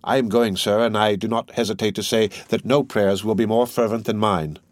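A man voicing an elderly priest in a read-aloud story, speaking in a grave, measured, courteous way. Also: on the low side, steady tone, no echo, close to an everyday voice. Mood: solemn. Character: elderly Italian priest, calm and devout.

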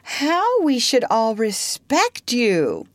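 A woman's voice: mid-range voice, big pitch swings, unhurried, no echo, voice pushed up. A woman voicing a cocky, cunning young boy in a storybook reading, boastful and coaxing. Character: cocky, cunning boy Peter who never grows up.

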